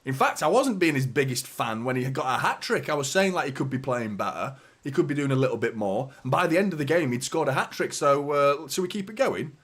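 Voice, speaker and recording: A man, hoarse from a sore throat, hosting a fan watchalong with live match commentary and chatty, sweary, teasing banter. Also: mid-range voice, animated, brisk, few pauses, a bit bright.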